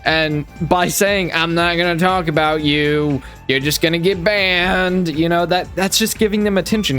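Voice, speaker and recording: Sarcastic guy reacting to clips, kinda high voice, rambly and mocking. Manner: sarcastic, mock-admiring, rambling. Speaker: commentary channel host. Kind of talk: reaction commentary.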